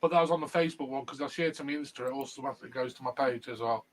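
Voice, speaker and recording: A man's voice: medium pitch, racing, rough recording. A man hosting a casual vape review panel over a video call. He chats, runs the votes and keeps the show moving. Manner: chatty, runs the votes and moves things along.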